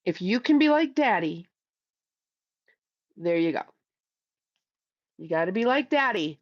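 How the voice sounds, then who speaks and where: A woman's voice: medium pitch, sing-song, unhurried, dry recording, lo-fi sound. A middle-aged woman from Ohio hosting a livestream, reading chat aloud in a blunt, crude, chatty way. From Ohio, USA.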